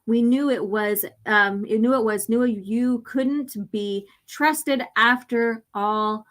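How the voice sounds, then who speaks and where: A woman voicing a cold, commanding voice inside a man's head that gives slow, deliberate orders. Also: on the high side, fairly bright tone.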